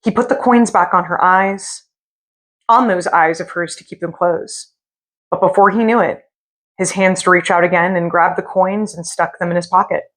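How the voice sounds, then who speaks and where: A woman reading a scary story aloud from a hotel room, with slow, drawn-out dramatic delivery. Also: on the low side, fairly even intonation.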